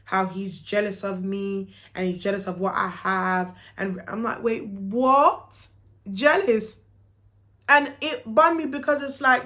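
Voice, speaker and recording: Young woman, casual storytime vlog, animated, slangy, plays out the dialogue. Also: medium pitch.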